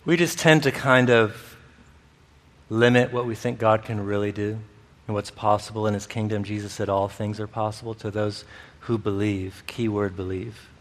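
A man's voice: fairly low pitch, steady tone, normal speed. Male preacher, storytelling sermon, acts out voices, laughs often, long hall reverb.

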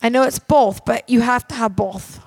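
A woman's voice: a little high, normal speed, darkish tone, breathy edge, no echo. A woman minister preaching a sermon in an emphatic, direct and conversational way, talking straight to her audience.

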